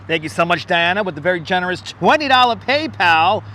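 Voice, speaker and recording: A man with a fairly high voice chats casually while walking outdoors. He thanks viewers and tosses off jokey asides into a wireless clip-on mic. Faint city traffic hums in the background. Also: lively intonation, brisk, sharp tone. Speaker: livestreamer. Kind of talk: casual live vlog chat. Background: traffic and city ambience.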